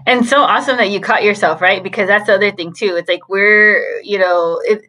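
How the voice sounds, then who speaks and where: A woman's voice: mid-range voice, brisk, pushed and bright, poor audio. A young adult woman therapist talking animatedly in a casual podcast chat, mixing in Spanish phrases. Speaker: therapist guest.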